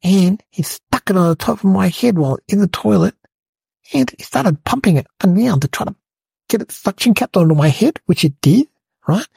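A man voicing an excitable, rambling young schoolboy, telling a comedic story. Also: sits high, moderate pace, creaky, husky, no room sound, heavily acted. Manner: breathless rambling storyteller, lots of "like" and "guys".

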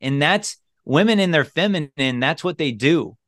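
A man's voice: a little high, animated, moderate pace, a bit bright, no echo, studio quality. A man co-hosting a podcast, talking earnestly in casual chat and repeating phrases for emphasis. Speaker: podcast co-host.

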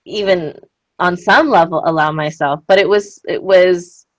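A woman's voice: on the low side, a little slow, no echo, rough recording. A woman in her thirties chatting candidly, telling personal stories with lots of fillers and acted-out quotes. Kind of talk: casual chat.

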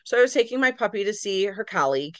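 A middle-aged woman, a nurse practitioner, telling her story as a podcast guest in a lively, casual way, acting out her own reactions. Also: medium pitch, fast, no echo. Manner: animated, acts out her own reactions in quotes.

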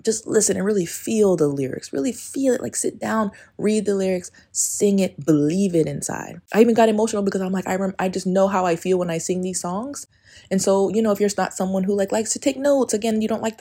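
A woman's voice: mid-range voice, brisk, warm tone, slightly rough. A woman hosting a casual spiritual podcast, talking emphatically with plenty of swearing and often breaking into song lyrics. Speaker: podcast host.

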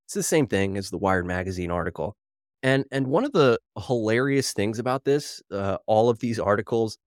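A male podcast host giving solo commentary, reading headlines aloud with wry, animated disbelief and sounding slightly out of breath from caffeine. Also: on the low side, no room sound, studio quality.

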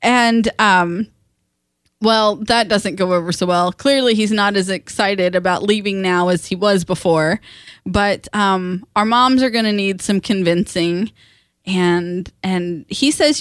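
A woman's voice: medium pitch, clean tone, no echo. Woman going over a book chapter at home, chatty, does little voices for the characters, dry close sound. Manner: chatty, retells scenes with quick quoted voices, laughs often. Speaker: book discussion co-host. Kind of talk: casual chat.

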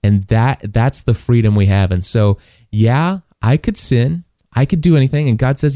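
A man speaks in a casual faith conversation, his voice low and warm. He stumbles and repeats words and now and then voices the people in his story. The sound is dry and close. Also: animated, normal speed, no room sound.

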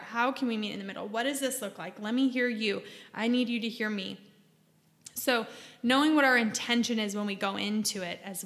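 A woman's voice: medium pitch, fairly bright tone, big-room sound. A woman hosting a podcast, giving earnest, emphatic advice straight to her listeners in a casual monologue. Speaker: podcast host.

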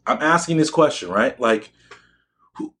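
A man's voice: medium pitch, animated, a little slow, fairly bright tone. A young adult man giving a motivational talk to students, boastful and emphatic, often asking the audience questions. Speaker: motivational speaker addressing students.

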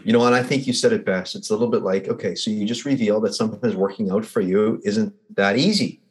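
A man who works as a results coach, a guest on a podcast, telling stories in a lively way and acting out the people in them. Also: lowish voice, fast talker. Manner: animated storyteller who acts out the people in his stories. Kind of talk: casual conversation with storytelling.

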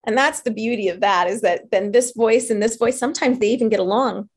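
Female motivational coach, pitched a little high, earnest and animated. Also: fairly quick, slightly rough. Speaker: life coach. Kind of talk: motivational talk.

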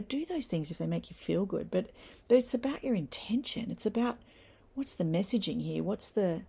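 A woman's voice: lowish voice, vocal fry, warm tone, slightly rough. A woman hosting a reflective solo talk show, earnest and encouraging, lingering on the key words. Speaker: podcast host.

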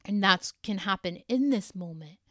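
A woman's voice: medium pitch, expressive, normal speed, sharp tone, no echo, studio quality. A woman hosting a solo podcast episode, speaking to listeners in an earnest, emotional, encouraging way. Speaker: podcast host and energy coach.

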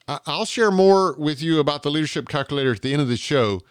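A man's voice: on the high side, expressive, fast, smooth, no room sound. Southern man, podcast host, earnest, restarts phrases, dry close sound. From Georgia, US. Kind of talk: podcast interview.

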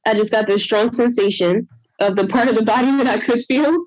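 Higher-voiced woman telling a story. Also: a little fast, no room sound, poor audio. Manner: animated, re-enacts others with lively quoted voices. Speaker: guest sharing a personal story. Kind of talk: conversational storytelling.

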